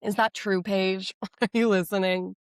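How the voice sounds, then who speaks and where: A young woman hosting a casual solo podcast, gushing and animated, chatting with lots of likes. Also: medium pitch, unhurried, clear, resonant tone, no room sound, studio quality. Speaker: podcast host. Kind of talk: casual solo podcast chat about astrology.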